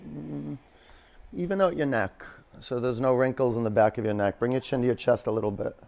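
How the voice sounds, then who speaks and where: A man guides a yoga class in a studio, calling out poses and breathing cues at a medium pitch. He drifts into playful, chatty stories between instructions before settling back into the flow. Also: fairly quick, gravelly, darkish tone. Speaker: yoga teacher.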